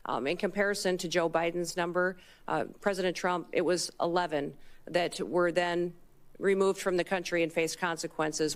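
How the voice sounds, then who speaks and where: A woman with a South Dakota accent testifying as a nominee at a Senate hearing, answering in measured, steady sentences. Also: lowish voice.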